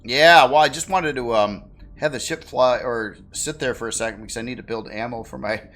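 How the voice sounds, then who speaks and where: A man's voice: mid-range voice, brisk, a bit bright. A man chatting casually while playing a game, easygoing and laughing often. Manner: easygoing, laughs often, flares up when frustrated. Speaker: game streamer. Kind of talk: casual gameplay chat.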